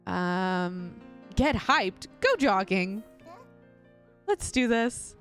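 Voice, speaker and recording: A woman's voice: medium pitch, lively intonation, very slow, a bit bright, soft background music. A young woman casually commentating her life-sim gameplay, gushing and giggling often. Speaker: gaming channel host. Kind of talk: casual let's play commentary.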